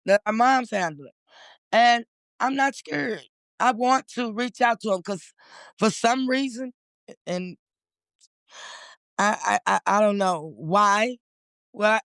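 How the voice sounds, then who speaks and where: A candid woman talks openly about her life as an interview guest, stopping and restarting as feelings rise. Her voice sits at a middle pitch and comes across close and dry, with little room sound. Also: a bit bright, no echo. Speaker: interview guest, community organizer. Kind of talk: casual conversational interview.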